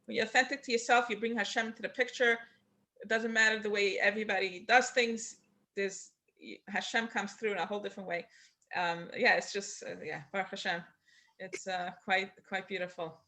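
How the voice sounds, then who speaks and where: A woman's voice: mid-range voice, flat delivery, a little fast, sharp tone. A woman teaching a class over a video call, earnest and encouraging with her students.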